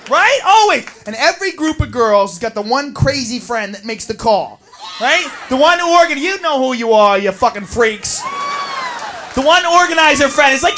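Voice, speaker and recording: A woman doing a stand-up comedy routine, loud and profane, acting out shrieking party girls. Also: high voice, sing-song, moderate pace, music in the background.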